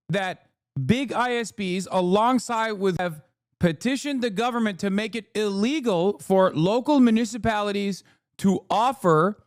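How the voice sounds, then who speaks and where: Recorded dry at studio quality, a man with a high voice streams his reactions to news clips. He keeps it casual and profane, swearing a lot and tossing out heated rhetorical questions.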